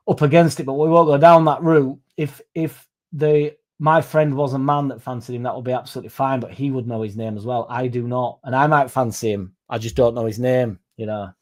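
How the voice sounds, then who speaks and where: A man's voice: mid-range voice, a little fast. A young man with a Yorkshire accent hosting a casual livestream podcast, rambling and swearing freely as he reads out chat messages. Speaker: podcast host.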